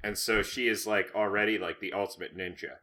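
A young man co-hosting a comedy podcast, deadpan and hesitant with filler words. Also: lowish voice, a little fast. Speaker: podcast co-host. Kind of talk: casual comedic chat.

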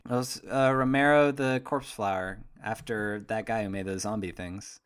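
A man co-hosting a casual podcast chat, tossing out jokey, deadpan asides. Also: lowish voice, moderate pace, clean tone. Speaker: podcast co-host.

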